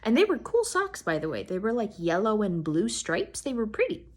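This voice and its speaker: A young woman vlogger telling funny stories in a casual, animated way, swearing freely and laughing as she goes. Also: mid-range voice, moderate pace. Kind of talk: casual storytime.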